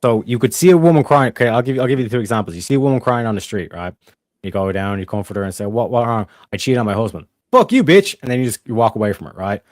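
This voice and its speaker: Casting: man, quick heated debater who swears often, dry close mic. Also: lowish voice, a little mellow, no echo. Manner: fast, repetitive restarts, swears.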